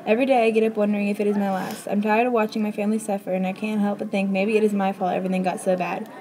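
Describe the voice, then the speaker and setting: A woman reading a story aloud in a quick, plain way, with small stumbles now and then. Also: mid-range voice, flat delivery, warm tone, low-quality recording.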